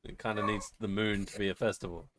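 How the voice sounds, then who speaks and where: A man's voice: fairly low pitch, steady tone, quick pace, a bit bright, slight background noise. A man running a tabletop game as game master, voicing the characters with a giggly, playful manner. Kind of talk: tabletop role-play, voicing children.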